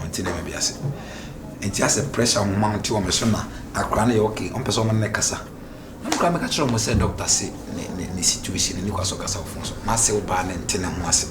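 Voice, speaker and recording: A man's voice: fairly low pitch, noisy background, close to an everyday voice. An actor with a Ghanaian accent playing an anxious young man who stammers and repeats words in a comedy drama.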